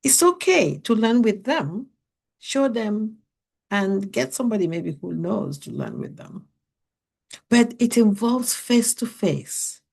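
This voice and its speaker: Earnest woman podcaster with a gravelly voice. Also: fairly high pitch, a little mellow. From Africa. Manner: earnest, poses many questions to listeners. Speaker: podcast host. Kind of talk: podcast monologue to parents.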